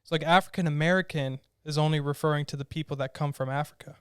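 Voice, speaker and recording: A man's voice: on the high side, fairly even intonation, fast, clear, resonant tone, no room sound, studio quality. A man co-hosting a podcast in casual chat. He rambles through his opinions with lots of "like" fillers. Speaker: podcast co-host.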